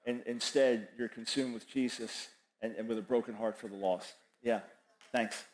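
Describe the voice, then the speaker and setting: A man preaches and answers questions from the floor, leaning hard on repeated phrases and quoted scripture. His voice is of middling pitch for a man. The sound rings with the echo of a large room. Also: steady tone, moderate pace, background noise. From New York. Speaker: speaker answering audience questions.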